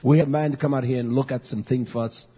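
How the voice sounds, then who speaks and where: A man preaching as a pastor, lively and storytelling, acting out conversations with people from his congregation. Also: medium pitch, fast talker, husky. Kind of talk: sermon. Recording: dull lo-fi recording.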